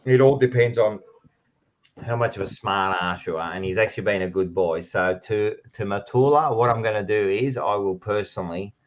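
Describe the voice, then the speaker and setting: A man's voice: fairly low pitch, moderate pace, muffled recording, a little hiss or hum. A man co-hosting a football podcast, rambling, teasing and swearing freely in casual banter. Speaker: podcast co-host.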